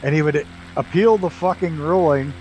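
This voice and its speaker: A man's voice: a little high, moderate pace, warm tone, a little hiss or hum, rough recording. A man chatting casually while streaming a flight simulator, telling profane racing stories and laughing often.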